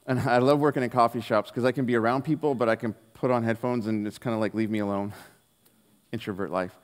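A man preaching a sermon, telling a personal story in an earnest way and dropping his voice softly on the key lines. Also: medium pitch, fairly even intonation, quick pace. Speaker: pastor. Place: church hall. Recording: long hall reverb.

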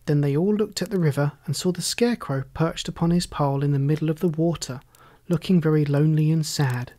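Measured, gentle storybook narrator. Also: medium pitch.

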